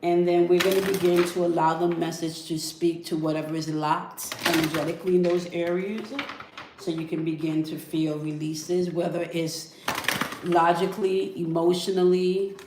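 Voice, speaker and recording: A woman leading a guided spiritual energy check-in, calm and coaxing, who often ends her phrases with "okay?". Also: sits low, moderate pace, noisy background. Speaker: spiritual reader. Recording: echoey room.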